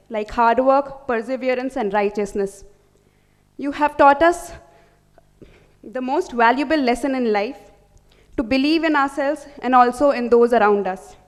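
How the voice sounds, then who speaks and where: Earnest student reading thanks. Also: female voice, sits high, measured pace. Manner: read from notes, earnest. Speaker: student giving vote of thanks. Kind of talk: prepared vote of thanks speech. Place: large auditorium hall. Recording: reverberant hall.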